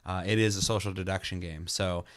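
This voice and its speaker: Deep-voiced man, casual podcast chat. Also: fairly even intonation, fairly quick, fairly bright tone. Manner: swears freely, tells stories animatedly. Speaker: podcast co-host reviewing games.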